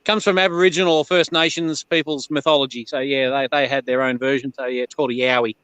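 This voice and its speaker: A man's voice: medium pitch, fairly even intonation, fast talker, a bit bright, clean tone, no room sound. A man with an Australian accent, chatting casually as a guest on a live chat. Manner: laid-back, laughs often, says "yeah, no".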